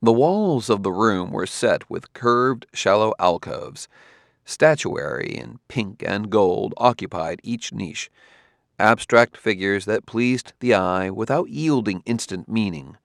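Low-pitched guy reading a novel aloud, steady and expressive, super dry recording. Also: takes it slowly, gravelly, no room sound. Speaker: audiobook narrator. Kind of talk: scripted narration.

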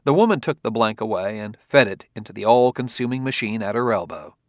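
A man narrating a novel in a steady, even storytelling manner. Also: fairly low pitch, brisk, no echo, studio quality. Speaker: audiobook narrator. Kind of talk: scripted narration.

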